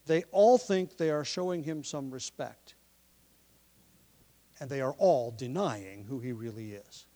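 A pastor preaching a sermon, explaining the text from his notes and pressing his listeners with forceful questions. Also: medium pitch, lively intonation, measured pace. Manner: teaching from notes, explains word meanings.

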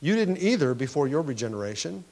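A man's voice: fairly high pitch, big pitch swings, quick pace, a little mellow. Man preaching with rising emphasis. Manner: earnest teaching with rising emphasis and frequent restarts. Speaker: pastor. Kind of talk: sermon.

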